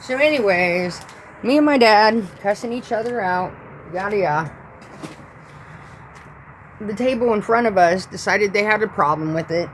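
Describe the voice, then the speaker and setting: A woman's voice: mid-range voice, normal speed, long pauses, a little hiss or hum, rough recording. Profane rambling woman telling a story. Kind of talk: storytime vlog.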